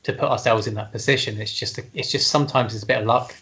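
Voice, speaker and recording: A man from the UK talks as a band guest in a casual interview, halting and full of fillers. His tone is bright and forceful at a middle pitch. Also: fairly even intonation. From United Kingdom. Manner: hesitant, halting, many fillers.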